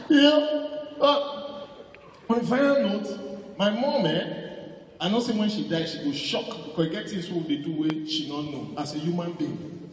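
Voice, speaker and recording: A man's voice: sits high, expressive, moderate pace, slight background noise. A man with a Nigerian accent doing a stand-up comedy routine, slipping into Pidgin and acting out mourners. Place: large venue on stage. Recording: echoey hall, distant mic.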